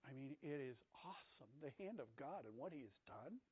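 A man preaching a sermon, emphatic, swinging between raised passages and hushed, quiet ones. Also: medium pitch, animated, normal speed, breathy edge. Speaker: pastor. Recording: tinny phone-like audio recording.

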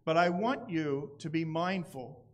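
A man with a high, light voice preaching a sermon to a congregation. He talks in an animated way and stays conversational, breaking now and then into playful quoted voices. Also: measured pace. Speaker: pastor. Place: church gathering outdoors.

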